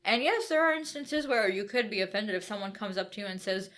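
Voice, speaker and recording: A woman's voice: mid-range voice, lively intonation, fast, fairly bright tone. Woman explaining ideas step by step. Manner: explanatory, builds points step by step with "right?". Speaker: podcast co-host. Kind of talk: conversational book discussion.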